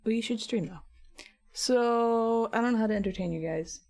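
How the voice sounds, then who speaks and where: A woman's voice: a little high, normal speed, darkish tone. A woman chatting loosely and rambling between topics while she crafts on a live stream. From United States. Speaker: art streamer.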